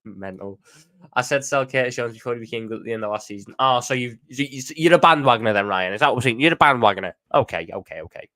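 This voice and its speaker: A man with a Scouse accent talks casually through a live stream. His voice sits at an ordinary middle pitch. He reads out viewer questions and answers them off the cuff in loose, chatty banter. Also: quick pace, bright, forceful tone.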